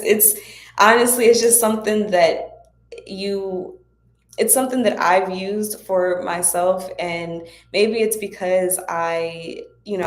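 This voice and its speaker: Low-voiced woman giving chatty spiritual advice. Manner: chatty and encouraging, speaks directly to viewers. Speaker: host of a spiritual Q&A livestream. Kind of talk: casual spiritual guidance talk. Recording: echoey room.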